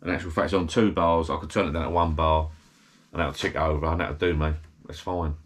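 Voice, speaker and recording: A man's voice: extremely low pitch, fairly even intonation, brisk. A middle-aged man, slightly tipsy, rambling chattily to camera from his small garden shed bar. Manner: rambling, chatty, self-interrupting. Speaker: vlogger. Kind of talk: casual rambling chat to camera.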